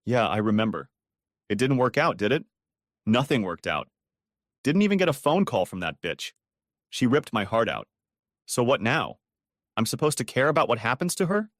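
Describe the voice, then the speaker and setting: A man's voice: mid-range voice, big pitch swings, moderate pace, pauses often, dry recording, studio quality, lightly acted. A man playing a bitter heartbroken mechanic. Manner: bitter, ranting, clipped. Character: bitter, heartbroken male mechanic, cold then angry.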